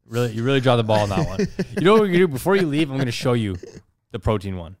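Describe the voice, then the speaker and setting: A man's voice: medium pitch, very animated, rapid-fire, dry recording, studio quality. A man co-hosting a podcast in casual banter, laughing easily and teasing his friend. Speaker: podcast co-host.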